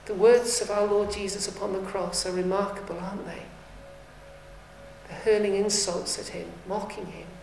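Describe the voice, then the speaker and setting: A woman's voice: medium pitch, fairly even intonation, normal speed, creaky, a little mellow, a little hiss or hum. A woman preaching a sermon, earnest and rising to fervent appeals. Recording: echoey room.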